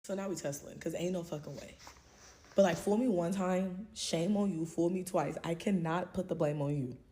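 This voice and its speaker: A woman casually telling a true story, animated and full of profanity and slang. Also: fairly low pitch, normal speed, roomy sound, slight background noise.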